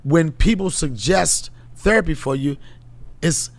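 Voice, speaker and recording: A man hosting a comedy podcast, talking casually in low, mumbled, defensive asides. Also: unhurried. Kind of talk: casual chat.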